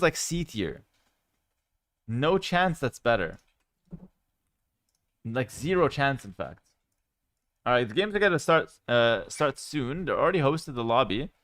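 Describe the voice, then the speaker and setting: Smooth-voiced man chatting on stream. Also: mid-range voice, no room sound. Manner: relaxed and chatty, with frequent fillers. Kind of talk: casual livestream chat.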